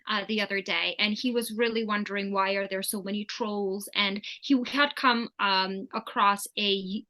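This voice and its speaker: A woman's voice: mid-range voice, sharp tone. A middle-aged woman telling stories as an interview guest, acting out the dialogue she quotes. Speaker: summit guest. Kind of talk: conversational interview storytelling.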